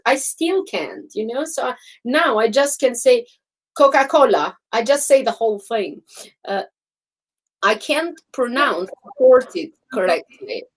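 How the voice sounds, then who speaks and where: Woman co-host for a relaxed live chat, lively storyteller who laughs a lot, pitched a touch high. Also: rough recording. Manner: animated storyteller who acts out other people's voices; laughs often.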